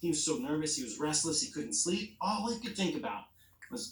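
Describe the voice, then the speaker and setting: Lively woman telling a bedtime story. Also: low voice, brisk, roomy sound, slight background noise, low-quality recording. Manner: playful, asks children questions, acts out characters. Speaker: storyteller to children. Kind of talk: animated bedtime Bible story.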